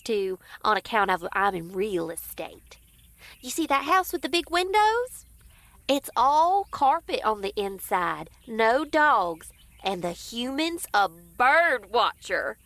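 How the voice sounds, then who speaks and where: A scheming real-estate cat, played by a woman in an audio comedy, salesy and conspiratorial. Her voice is high and bright, bouncing up and down. Dry, close recording. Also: dry recording, exaggerated voice.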